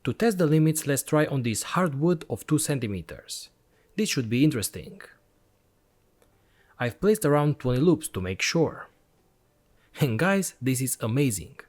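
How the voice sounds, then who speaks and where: A man's voice: mid-range voice, sing-song, normal speed, pauses often, darkish tone. A man hosting an electronics channel, narrating a product review voice-over in an enthusiastic, step-by-step explanatory way.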